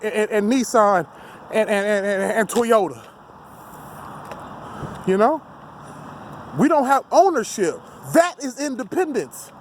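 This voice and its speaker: A man's voice: high-pitched, a little mellow, slight background noise. A man giving a blunt, heated, profane rant to camera outdoors, heavy with street slang. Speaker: vlogger. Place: outdoors on steps.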